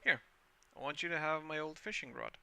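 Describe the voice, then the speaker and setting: A man puts on a jovial old sailor-fisherman, loud and hearty, his voice pushed up high and sharp with a gravelly edge. He talks in a folksy, swaggering game-character way. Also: expressive, brisk, a little hiss or hum, heavily acted.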